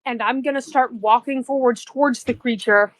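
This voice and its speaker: A woman's voice: a little high, fairly even intonation, normal speed, dry recording, poor audio. A woman playing a tabletop game, casually explaining her moves and laughing between lines. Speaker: player.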